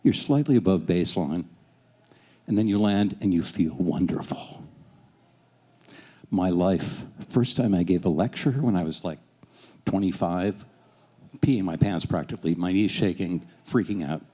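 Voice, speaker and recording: A man in his sixties telling a personal story on stage, animated, self-deprecating and swearing freely. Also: low voice, a little slow, long pauses. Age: 60s.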